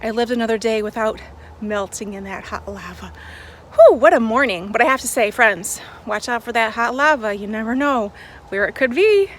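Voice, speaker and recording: A woman's voice: on the high side, normal speed, fairly bright tone, slight background noise. Playful woman hosting a kids' segment. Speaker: children's show presenter. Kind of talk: playful pretend-play for kids.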